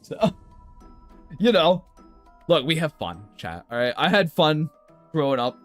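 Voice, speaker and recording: A high-pitched young man hosting a stream, bantering with his chat. He is playful and mock-indignant. Faint music plays behind him. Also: takes it slowly. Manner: animated, playful, mock-indignant with frequent laughs. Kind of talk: casual chat with stream viewers.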